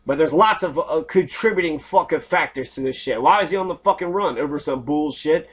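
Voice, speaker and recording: Recorded on a computer mic while he scrolls his screen, a man with a fairly high, animated, breathy-edged voice talks a little fast. Hosting an online show, he delivers an angry political rant packed with swearing.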